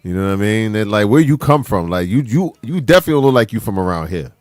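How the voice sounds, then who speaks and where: A man's voice: fairly low pitch, expressive, rapid-fire, no echo, clean studio sound. Laid-back man in casual chat. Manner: laid-back, agreeing interjections. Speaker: podcast co-host.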